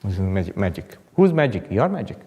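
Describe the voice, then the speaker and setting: This monk's meditation retreat talk moves quickly, his low, warm voice swinging widely in pitch as he tells humorous stories with rising emphasis. The audio sounds dull, the hall carries a long reverb, and the audience laughs in the background.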